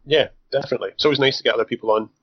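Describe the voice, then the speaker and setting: Man, podcast co-host, mid-pitched, easygoing replies, slightly muffled recording. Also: rapid-fire, slightly rough. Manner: brief, agreeable replies. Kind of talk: casual podcast chat.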